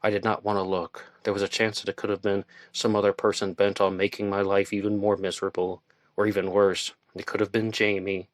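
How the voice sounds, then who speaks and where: A man reading a first-person thriller audiobook in a tense, measured storytelling manner. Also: fairly low pitch, little pitch movement, no echo. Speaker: audiobook narrator.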